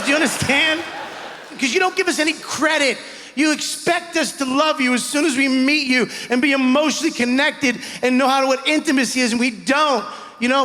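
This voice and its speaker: A young man performing a stand-up set on stage, animated, shouting punchlines and acting out voices. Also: very high-pitched. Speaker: stand-up comedian. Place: comedy club stage before a live audience. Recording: live stage audio with long hall reverb.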